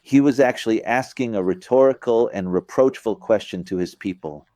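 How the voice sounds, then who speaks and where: Man, middle-aged, casual religious lesson, mellow dark tone, keeps asking "you get it", acts out lines. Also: lowish voice, moderate pace, no room sound. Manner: conversational, asks listeners "you get it?"; acts out phrasings with vocal emphasis. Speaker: religious teacher. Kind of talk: informal explanatory lecture.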